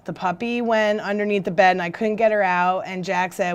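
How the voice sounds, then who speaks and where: A woman recounting her flood escape in a documentary interview, halting and shaken. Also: medium pitch, steady tone, slight background noise. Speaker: flood survivor.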